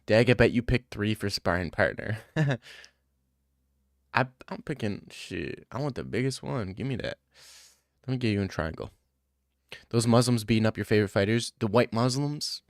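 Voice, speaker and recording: A man's voice: lowish voice, moderate pace, long pauses, dry recording. Sarcastic male streamer, dry mic. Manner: sarcastic, mocking, jumps into put-on voices. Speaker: streamer reacting to chat. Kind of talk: casual livestream chat.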